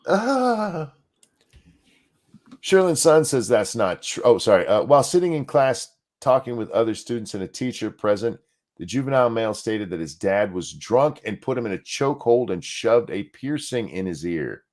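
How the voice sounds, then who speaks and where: With a lowish, slightly mellow voice, a podcast co-host reads out a news article at normal speed in an animated way. Every so often he stops to throw in crude, sarcastic, profane comments.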